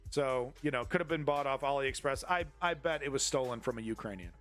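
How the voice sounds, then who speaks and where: A man's voice: mid-range voice, brisk, fairly bright tone, faint music behind. A man hosting a casual news commentary stream, opinionated, profane and rambling.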